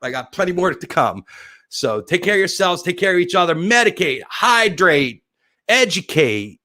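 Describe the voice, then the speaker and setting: A man's voice: sits high, big pitch swings, moderate pace, bright, forceful tone, dry recording. A middle-aged man hosting his own livestream show, talking in a rambling, heartfelt and openly emotional way. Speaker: host.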